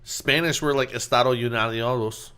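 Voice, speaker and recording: A man's voice: mid-range voice, steady tone, moderate pace, pushed and bright, clean tone. A young man co-hosting a podcast in casual banter, rambling and swearing often. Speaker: podcast co-host.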